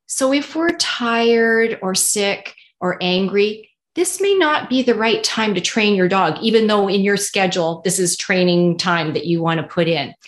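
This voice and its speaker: A woman's voice: medium pitch, a little slow, hardly any pauses. Woman co-host, thoughtful and conversational, shares own experiences. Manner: thoughtful, sharing personal examples. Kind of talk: conversational podcast chat.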